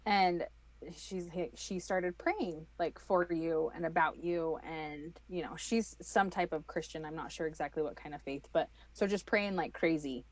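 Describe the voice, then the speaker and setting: A woman, telling her own story as an interview guest, animated and full of fillers. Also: deep voice, unhurried. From United States. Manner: animated, acts out quoted voices, many fillers.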